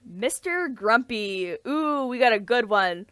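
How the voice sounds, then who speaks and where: Enthusiastic woman, high voice, dry sound. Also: lively intonation, slow, a bit bright, clear, resonant tone, no echo. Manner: enthusiastic, rambling with restarts. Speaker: podcast co-host. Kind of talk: casual chat.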